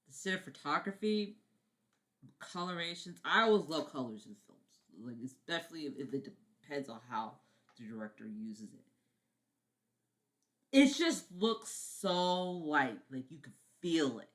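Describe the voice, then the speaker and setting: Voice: mid-range voice, very animated, moderate pace, fairly bright tone. A vlogger ranting casually about favorite films, rambling, repeating words, swearing and often apologizing. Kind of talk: casual film-review vlog.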